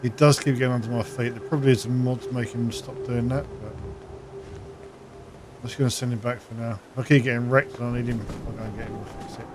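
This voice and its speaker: A man's voice: medium pitch, fairly even intonation, a little fast, noisy background. A man giving casual, chatty gameplay commentary, thinking aloud as he plays. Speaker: gaming channel host.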